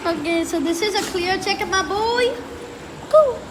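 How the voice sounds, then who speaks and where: A woman's voice: very high-pitched, moderate pace. A woman in a casual home vlog, chatting as she narrates playing with her pets outdoors. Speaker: pet vlogger. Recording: loud background noise outdoors.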